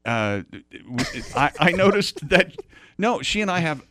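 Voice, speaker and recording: A man's voice: on the high side, big pitch swings, unhurried, bright, forceful tone. A man hosting a podcast, chatting casually in a rambling, self-interrupting way. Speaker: podcast host. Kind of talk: casual chat.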